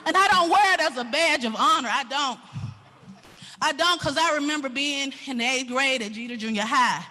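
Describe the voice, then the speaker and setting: Southern woman preacher, high bright voice, animated, hushed to shouting. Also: moderate pace. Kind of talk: sermon.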